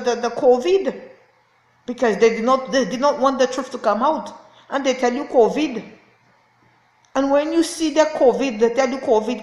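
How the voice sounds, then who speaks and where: A woman's voice: high-pitched, darkish tone, reverberant. A woman speaking as a self-styled prophetess in an impassioned, repetitive rant to camera, laughing in anger. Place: indoors, lying on a floor.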